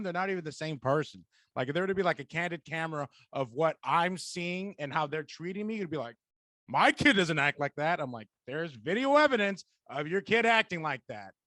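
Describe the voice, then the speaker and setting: A young man hosts a podcast in easygoing chat, his voice sitting a touch high. He is animated, laughs a lot, and slips into quoted voices as he tells stories. The sound is close and dry. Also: dry recording. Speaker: podcast host. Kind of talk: casual chat.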